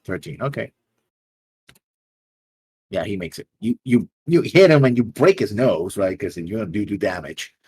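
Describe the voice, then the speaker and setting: A man narrating as game master of a tabletop game, describing scenes in a halting, rambling way. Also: on the low side, expressive, a little mellow, breathy edge.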